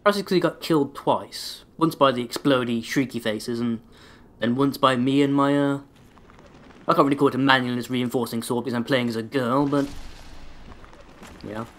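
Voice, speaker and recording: This let's-play commentator has a sore throat and keeps his voice restrained, speaking mid-range and a bit bright at a steady tone and normal speed with long pauses. He rambles, makes sarcastic remarks, and swears often during play.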